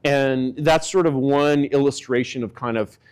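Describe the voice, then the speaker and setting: Speaking unhurriedly in a steady, darkish, clear and resonant voice, a man rambles through casual political commentary. He leans on filler words and moves his pitch up and down for emphasis.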